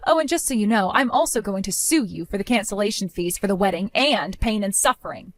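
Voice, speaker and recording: A woman narrating her own dramatic story, speaking in a cold, indignant and forceful way. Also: medium pitch, expressive, brisk, no room sound, faint music behind. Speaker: narrator of a first-person story.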